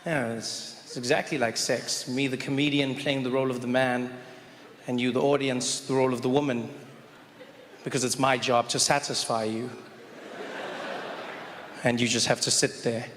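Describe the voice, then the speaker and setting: A man performing stand-up on a stage, talking in a wry manner that keeps halting and restarting with asides. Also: mid-range voice, level tone, noisy background. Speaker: stand-up comedian. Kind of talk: stand-up comedy set. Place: comedy stage in a large venue. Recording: reverberant hall, faint ambience.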